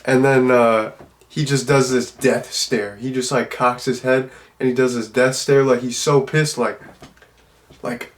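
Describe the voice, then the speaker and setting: A man's voice: medium pitch, fairly even intonation, a little slow. A man giving a casual, loose and rambling spoken review of a film. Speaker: movie reviewer.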